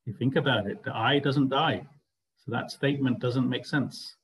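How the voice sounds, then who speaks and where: A man's voice: mid-range voice, moderate pace, fairly bright tone, rough recording. A man teaching a spiritual study group, explaining ideas earnestly and asking the class rhetorical questions. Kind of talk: class discussion lecture.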